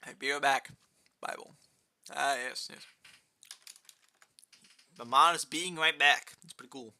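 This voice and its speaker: Young man, live-stream chatter, rambling, very bright tense tone, keyboard clicking. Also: a little slow. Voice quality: fairly high-pitched. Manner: rambling, answers chat, rising excited outbursts. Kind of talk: casual live-stream chat while gaming.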